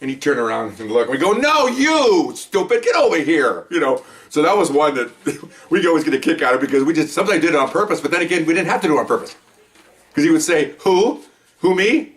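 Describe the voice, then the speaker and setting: An older man, a retired cop, talks quickly and keeps drifting into jokey side stories. He keeps checking in with "okay?" and "you know" as he goes. His voice sounds a bit distant from the microphone. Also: on the high side. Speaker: retired police officer telling stories. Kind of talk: casual storytelling monologue.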